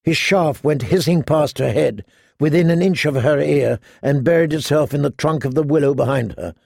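Man, audiobook narrator, measured, gravelly, dry close recording. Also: a little high, a little mellow, no echo. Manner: measured storytelling. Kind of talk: scripted narration.

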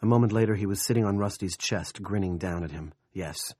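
A man narrating an audiobook in a gritty, husky voice, slipping into gruff character dialogue. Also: lowish voice, fast, darkish tone, no echo, studio quality.

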